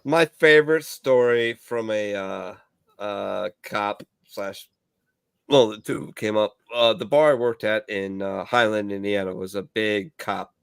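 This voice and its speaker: A man's voice: lowish voice, unhurried, gravelly, clear, resonant tone, no echo, studio quality. Profane storytelling veteran man. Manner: profane, rambling, laughs loudly. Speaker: show regular, veteran. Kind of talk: casual bar banter, storytelling.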